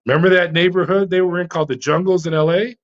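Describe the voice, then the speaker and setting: A middle-aged man recounts his past as a prison officer, animated and dramatic. He stumbles over fillers and restarts but keeps driving the story. The sound is a little dull and lo-fi. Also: sits high, fast. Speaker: interview guest, former prison officer.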